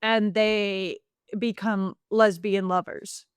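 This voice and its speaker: A woman's voice: mid-range voice, steady tone, slow, smooth, dry recording, clean studio sound. A woman co-hosting a podcast in casual chat, telling a made-up story playfully with lots of fillers. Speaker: podcast co-host.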